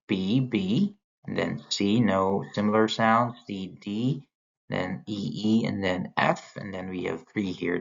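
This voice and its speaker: A man with a low, gravelly voice talks a class through poetry terms at a very unhurried pace, pausing as he points to each example. The recording sounds somewhat dull and lo-fi. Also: fairly bright tone. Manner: explains step by step, points at slides. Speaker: teacher.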